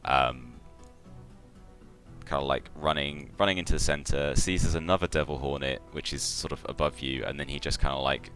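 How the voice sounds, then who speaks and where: Man, very low voice, game master, halting delivery, faint music behind. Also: steady tone, fairly bright tone. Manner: hesitant, many fillers and restarts. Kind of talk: narrating a tabletop game live.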